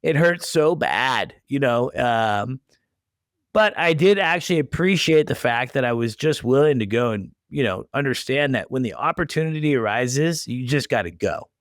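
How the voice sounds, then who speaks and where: A man's voice: mid-range voice, animated, normal speed, no echo, clean studio sound. A man in his thirties hosting a podcast, telling stories in a chatty way and acting out the quotes. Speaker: podcast host. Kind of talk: casual interview chat.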